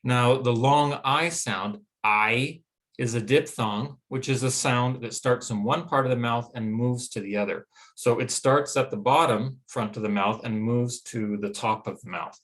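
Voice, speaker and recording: In this phonetics lecture, a male teacher speaks with a Western American accent at a normal mid-range pitch. His pace is moderate with few pauses, and he patiently lengthens each vowel as he demonstrates it.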